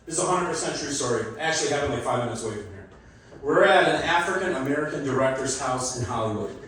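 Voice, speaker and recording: A man's voice: medium pitch, animated, fast talker, a bit bright. A man doing a stand-up comedy set, chatty and self-deprecating, often laughing at his own jokes. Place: comedy club stage. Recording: roomy echo, voice from a distance. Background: audience laughter and call-backs.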